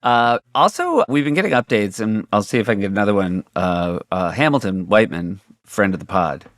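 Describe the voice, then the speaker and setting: A man's voice: fairly low pitch, lively intonation, fairly quick, dry recording. A man co-hosting a podcast, chatting casually with dry, wry humor. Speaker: podcast co-host. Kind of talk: casual chat.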